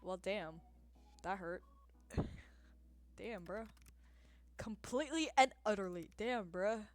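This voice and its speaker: A young woman streaming a game, reacting with excitable outbursts, swearing and laughing between slow, drawn-out remarks. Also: medium pitch. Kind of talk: casual gameplay commentary.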